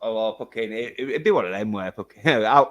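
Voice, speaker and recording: A man's voice: lowish voice, lively intonation, a little fast, lo-fi sound. A man with a British accent hosting a casual livestream chat, chatty and swearing casually. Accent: British English. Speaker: livestream host.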